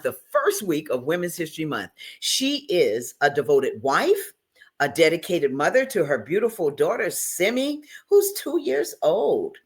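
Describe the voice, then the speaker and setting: A woman's voice: low voice, big pitch swings, moderate pace, slightly rough. A woman hosting a talk show interview, effusive and emotional, often stumbling over her words. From Charleston, South Carolina.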